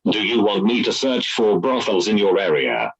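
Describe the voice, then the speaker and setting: A man voicing a cheeky phone voice assistant in a flat, matter-of-fact delivery. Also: fairly low pitch, normal speed, gravelly, crowd noise, pitched below the performer's own voice, poor audio. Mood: deadpan.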